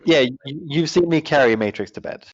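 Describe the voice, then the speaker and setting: A man running a tabletop game who describes characters haltingly, stumbling over names and restarting his sentences. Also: a little high, animated. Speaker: game master. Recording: dull lo-fi sound.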